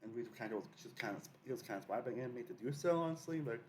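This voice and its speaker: A man's voice: medium pitch, expressive, very fast, slight background noise. A young man hosting a casual video essay, rambling with many fillers and restarts.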